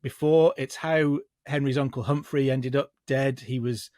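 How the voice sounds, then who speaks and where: A man, a historian guest, calmly telling history in a podcast chat with frequent restarts. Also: medium pitch, no echo, clean studio sound. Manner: measured storytelling with frequent restarts. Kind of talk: casual podcast explanation of history.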